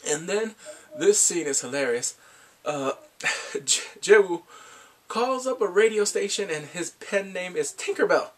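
A man casually recapping a TV drama with animated, laughing storytelling. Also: high-pitched, a little slow. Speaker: drama reviewer.

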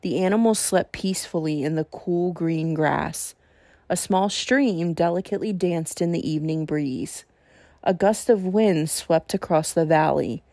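A woman reading a Bible storybook aloud to children in a gentle, measured way. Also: low voice, no echo, studio quality.

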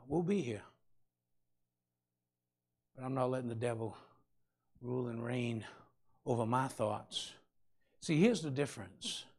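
A man preaching a sermon as pastor, swinging between loud and soft and calling out to the congregation. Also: mid-range voice.

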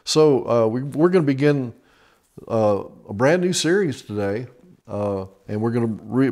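Male pastor, folksy TV preacher, relaxed and conversational, unhurried delivery. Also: mid-range voice. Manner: conversational, with frequent restarts. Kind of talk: TV sermon teaching.

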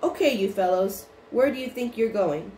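A woman's voice: mid-range voice, expressive, moderate pace, close to an everyday voice. A woman reading as a weary, curt dock watchman. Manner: loud, curt. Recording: roomy with faint noise.

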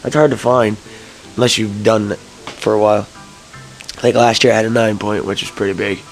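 A young man telling a rambling story to camera, early in the morning, swearing and jumping to high yelps when he gets excited. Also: moderate pace, faint music behind, low-quality recording. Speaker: vlogger.

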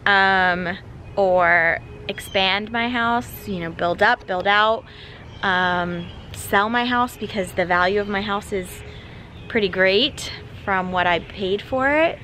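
A woman vlogging through her day, talking casually to the camera and now and then to her dog in a high sing-song voice. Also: slow pace, pushed and bright, slight background noise. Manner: chatty, talks to her dog in a high baby voice. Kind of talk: casual vlog chat. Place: car, street and home porch, some outdoors.

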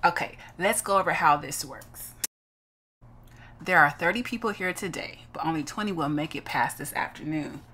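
A woman's voice: low voice, normal speed, pushed and bright, slightly rough, heavily acted. A woman voicing an upbeat female love coach and stylist in a dating game, reading the lines aloud in a bubbly, encouraging way.

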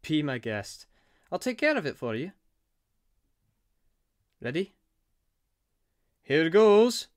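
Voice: mid-range voice, big pitch swings, slow pace, pauses often. Junior, a voice actor doing a laid-back surfer guy. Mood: easygoing. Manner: chatty, easygoing, calls people cuz. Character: laid-back small magical surfer man, cheerful. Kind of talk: fan voice acting.

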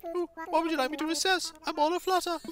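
A woman's voice: very high voice, fairly even intonation, fast talker, voice pushed up. Woman putting on a fussy old owl curator. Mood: delighted. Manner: prim, old-fashioned and gushing.

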